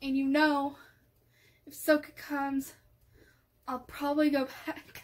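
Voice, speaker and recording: Gushing high-voiced woman book vlogger. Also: slow, pauses often. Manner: gushing, excitable, trails off into soft asides. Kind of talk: casual chat.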